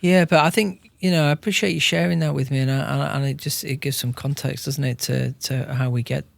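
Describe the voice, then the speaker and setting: A man, a podcast guest speaking in a measured, reflective way. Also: mid-range voice, steady tone, creaky, no room sound. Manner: measured and reflective, with some restarts. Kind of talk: reflective interview talk.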